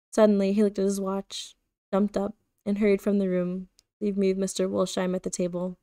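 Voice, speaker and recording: A woman streamer reading a novel aloud in a steady, even delivery. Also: mid-range voice, brisk, gravelly, no room sound, studio quality. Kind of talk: live-streamed book reading.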